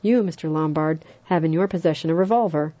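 A calm, precise elderly judge, read by a woman narrator in a low, dark voice. He speaks formally and without haste, each word weighed. The audio is slightly dull and lo-fi. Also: close to an everyday voice. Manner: measured, formal, unhurried.

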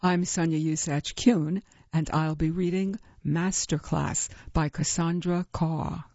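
A woman narrating a short science-fiction story in a slow, even storytelling manner. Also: no echo. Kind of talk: audiobook reading. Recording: dull, low-fi recording.

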